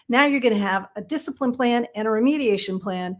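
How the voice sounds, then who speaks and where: A woman's voice: fairly high pitch, brisk, hardly any pauses. Chatty woman teaching live. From Texas. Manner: chatty, frequent "right?" tag questions; blunt, playful asides. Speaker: counseling supervisor trainer. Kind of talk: casual live-streamed teaching.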